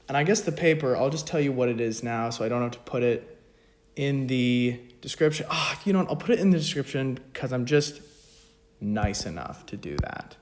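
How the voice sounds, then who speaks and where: With lively intonation and a darkish, medium-pitched voice, a man explains an economics math problem at normal speed, a slight hiss or hum underneath. He's a video tutor keeping things casual, tossing in joking self-mockery between steps.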